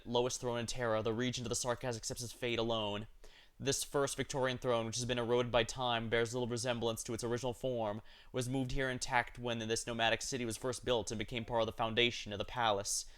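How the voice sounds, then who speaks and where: A man's voice: medium pitch, a bit bright, clean tone. A man streaming as he narrates a game story aloud, reading steadily with occasional slips and corrections.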